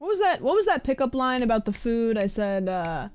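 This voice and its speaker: Hoarse, playful young woman streamer. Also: fairly high pitch, very animated, brisk. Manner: playful, joking, rambling. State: hoarse, put-on smoker voice. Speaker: live streamer. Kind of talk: casual live-stream chat.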